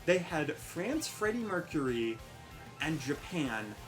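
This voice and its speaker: A woman's voice: deep voice, sing-song, slow pace, soft background music. A young woman giving casual, rambling let's-play commentary over a racing game, joking about herself and yelping at the action. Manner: chatty, rambling, self-mocking, yelps at the game. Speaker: gaming commentator.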